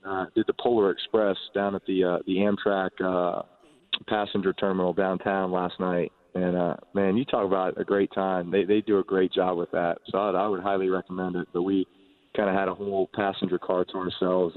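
Middle-aged guy on a phone line, lowish voice, stops and restarts a lot, dry tinny sound. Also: no echo. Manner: halting, many restarts and fillers. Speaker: quarterback guest. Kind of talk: casual radio phone interview.

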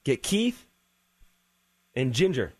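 A man's voice: medium pitch, sing-song, slow pace, slightly rough, dry recording. A man co-hosting a radio show, bantering and teasing his partner. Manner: joking, teasing. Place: radio studio. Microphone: studio mic.

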